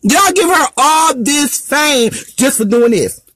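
High-voiced man in a brash, profane rant. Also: lively intonation, takes it slowly, bright, forceful tone, dry recording, clean studio sound. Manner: brash, profane, sing-song preaching delivery. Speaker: comedian. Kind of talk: profane live-stream rant.

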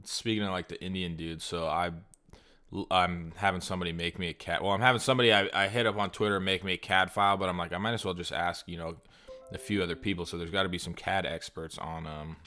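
A man's voice: low voice, fairly even intonation, fast talker, bright, forceful tone. A man co-hosting a comedy podcast, telling a story in a profane, ranting way. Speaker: podcast co-host. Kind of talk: casual comedy podcast chat.

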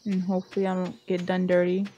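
A woman's voice: fairly low pitch, completely flat delivery, fast talker, mellow, dull audio, a little hiss or hum. A young woman giving casual, chatty commentary while playing a game, often scolding the characters on screen. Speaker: gameplay streamer.

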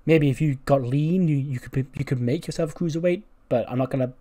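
A prim male wrestler recruits a rival with stiff, condescending politeness, as a man voices him. The tone stays mellow and measured. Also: fairly high pitch, lightly acted. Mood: smug.

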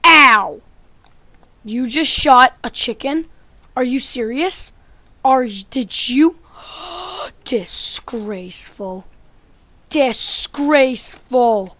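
A woman with a high, bright-sitting voice teases other players through her gameplay commentary. She takes her time with the words, swinging from loud taunts down to quiet muttering. The sound is dry and close, with no room around it. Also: slow pace, pauses often, no room sound. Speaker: gaming YouTuber.

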